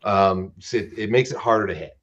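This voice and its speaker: A man running a tabletop role-playing game as dungeon master, talking in halting bursts with many restarts. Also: fairly low pitch, a bit bright, muffled recording.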